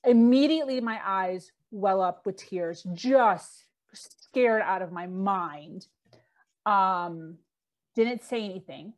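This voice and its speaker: A woman's voice: mid-range voice, takes it slowly. Candid woman telling a hard story. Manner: frank, fillers and acted-out quotes. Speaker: podcast guest.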